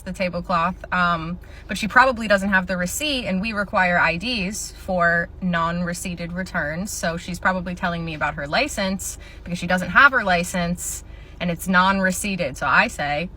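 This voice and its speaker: A woman who manages a retail store telling a workplace storytime in an animated, sarcastic way, swearing freely. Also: medium pitch. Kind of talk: storytime vlog.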